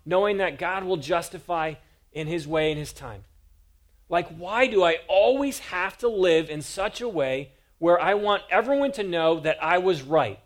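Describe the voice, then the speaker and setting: An earnest male pastor delivering a sermon from the pulpit. His voice sits a touch higher than most men's, and he presses his points with emphatic rhetorical questions. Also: animated, moderate pace.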